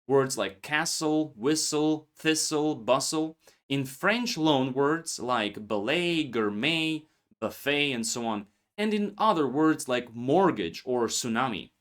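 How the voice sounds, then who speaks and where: A man teaching English pronunciation, saying single words slowly and clearly for learners to repeat. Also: medium pitch, fairly bright tone. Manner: slow, deliberate, stresses single words for repetition. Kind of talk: pronunciation lesson, word drills.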